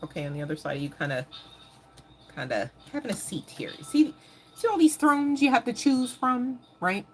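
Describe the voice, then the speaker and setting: A woman giving a live tarot reading in a casual, animated way, swearing freely and laughing often. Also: fairly high pitch, moderate pace. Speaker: tarot reader.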